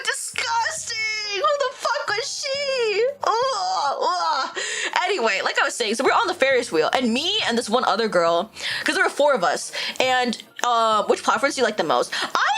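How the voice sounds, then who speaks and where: A young woman streamer chatting casually with her viewers, animated and talkative, swearing and laughing often. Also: fairly high pitch. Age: young adult. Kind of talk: casual livestream chat.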